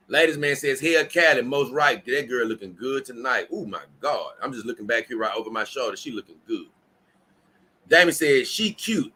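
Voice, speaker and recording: A man's voice: mid-range voice, sharp tone. A tired man hosting a casual livestream, reading viewer comments aloud and rambling with many restarts. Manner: rambling, repeats himself and restarts often. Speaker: livestream host.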